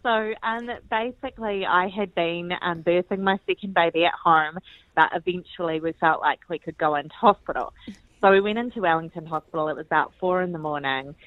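A woman's voice: on the low side, fairly quick, no room sound, narrow, tinny audio. A young woman with a New Zealand accent, a radio guest telling a comic parenting story with lots of laughter. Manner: giggly, animated, laughs through lines.

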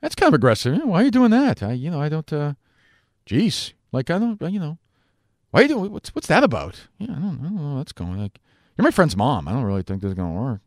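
A squeaky, flustered young guy stumbles over his words and keeps asking what is going on, his pitch jumping high and wide as he backs away nervously, put on by a podcast host in a mocking impression. The voice is dry and close. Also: sing-song, fast talker, no room sound. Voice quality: high, stammering and bewildered.

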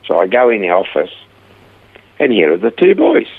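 Gravelly low-voiced man over a phone line. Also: moderate pace. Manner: animated storyteller acting out dialogue. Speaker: rehab centre founder. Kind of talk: telling stories in a radio interview. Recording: tinny phone-line sound.

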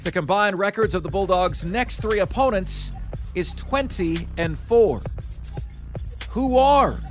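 An energetic man with a high voice hosts a sports talk radio countdown, addressing listeners as folks. Faint music runs underneath.

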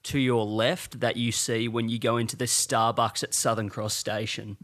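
A man's voice: medium pitch, flat delivery, moderate pace, fairly bright tone. A young Australian man co-hosting a comedy podcast, teasing his friend and recalling stories in a loose, rambling way. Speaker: podcast co-host. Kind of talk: casual comedic chat.

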